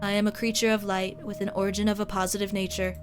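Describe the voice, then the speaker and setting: A woman reading a game's lines as a cold, formal female angel who speaks in a flat, emotionless way. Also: mid-range voice, fast, over music, natural voice. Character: cold monotone female angel, creature of light. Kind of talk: reading game dialogue aloud.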